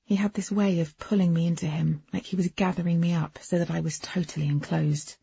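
A woman's voice: on the low side, steady tone, fairly quick, creaky, warm tone, husky. A woman narrating a first-person novel in an intimate, wry storytelling manner. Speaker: audiobook narrator. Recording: dull, dry lo-fi recording.

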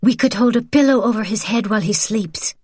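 Bitter teen girl, sharp and cynical, pitched way up as a lady reader puts her on, dry close sound. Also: a little fast, breathy edge, no room sound. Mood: accusing. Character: bitter, grieving girl of almost fourteen.

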